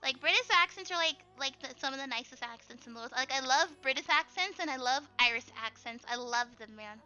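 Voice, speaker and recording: A young woman with a squeaky, high and very bright voice chats away while she draws on a livestream, bubbly and quick to laugh. Her audio sounds dull and lo-fi, with faint music playing underneath. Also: expressive, clear, resonant tone. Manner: bubbly, chatty, laughs often. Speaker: streamer. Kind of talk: casual chat while drawing on stream.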